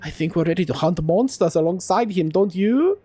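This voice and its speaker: A man voicing a group of eager young boy adventurers, with a squeaky put-on foreign accent, while reading a game's story aloud on a live stream. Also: expressive, moderate pace, warm tone, slightly rough, no room sound.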